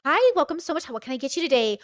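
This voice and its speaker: A woman's voice: racing, natural voice. A woman doing a put-on customer service voice, playing a chirpy young deli counter clerk who is eager to please. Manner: bubbly high customer service voice.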